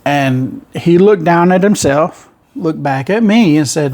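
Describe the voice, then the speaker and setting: A man's voice: on the high side, animated, a little slow, a little mellow. A middle-aged man with a rural Southern American twang, a truck driver telling his road stories in a rambling, folksy way. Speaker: truck driver and channel host. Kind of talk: casual storytelling monologue.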